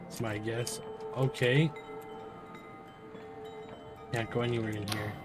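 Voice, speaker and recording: A man giving casual let's-play commentary, with quiet, muttered asides to himself. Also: mid-range voice, fairly even intonation, slow, music in the background. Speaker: gamer playing through a game.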